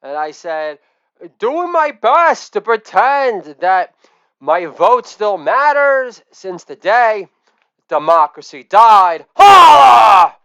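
A middle-aged man hosting a comedy podcast, telling a crude deadpan monologue that swings from low mumbled asides to loud shouted catchphrases. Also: takes it slowly, no room sound.

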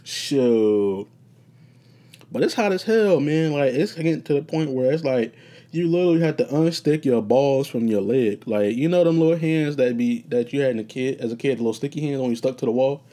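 A man's voice: mid-range voice, moderate pace, mellow. A man hosting a casual solo podcast from his room, rambling and swearing freely as he tells stories. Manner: rambling, profane, laid-back storytelling. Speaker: podcast host.

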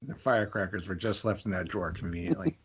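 Husky middle-aged man, wry banter. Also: deep voice, fast talker. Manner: wry, laid-back jokey asides. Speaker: podcast co-host. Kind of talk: casual live-watch banter. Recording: dull lo-fi podcast audio.

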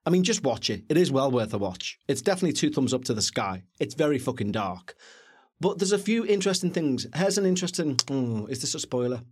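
A man co-hosting a podcast, reviewing a film in a chatty, jokey, animated way. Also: medium pitch, fairly quick, husky. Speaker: podcast co-host. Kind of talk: casual film review chat.

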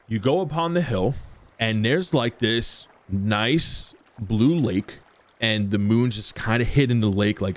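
A man running a tabletop game as game master, narrating scenes in a relaxed, rambling way. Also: on the low side. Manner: relaxed, rambling description with many fillers.

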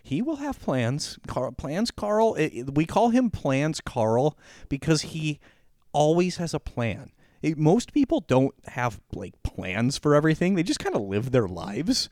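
A man's voice: a little high, a little slow, no echo, clean studio sound. Laughing man in casual chat. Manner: animated, laughs often, acts out quotes. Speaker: podcast co-host.

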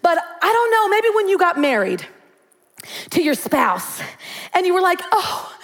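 A woman pastor preaching a sermon in an animated, comic way, acting out little quotes. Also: very high-pitched, normal speed. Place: church sanctuary. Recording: long hall reverb.

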